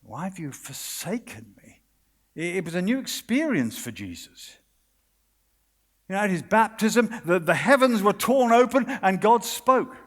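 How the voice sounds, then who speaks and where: British guy preaching, high voice, earnest and dramatic, big hall echo. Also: sing-song. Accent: British English. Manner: earnest, dramatic, with hushed pauses and quoted voices. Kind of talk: sermon. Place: conference hall. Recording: long hall reverb.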